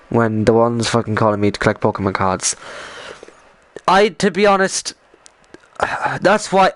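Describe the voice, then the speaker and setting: A young Irish man talks loosely on a live stream, swearing often and winding himself up as he goes. His voice sits at an ordinary male pitch. It is recorded close and dry, with no room sound. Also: dry recording. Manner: rambling, swearing, quick to get worked up. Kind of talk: casual live-stream chat.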